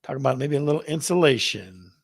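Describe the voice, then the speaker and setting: Gravelly-voiced man hosting a chatty livestream. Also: medium pitch, animated, quick pace, dry recording, studio quality. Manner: playful, reads out chat, counts down aloud. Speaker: real estate show host. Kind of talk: casual livestream chat.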